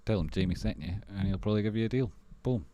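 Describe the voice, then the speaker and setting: A man's voice: fairly low pitch, fast talker, warm tone, dry recording. A man hosting a casual livestream, rambling and swearing freely as he reads out viewer names and thanks supporters. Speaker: livestream host.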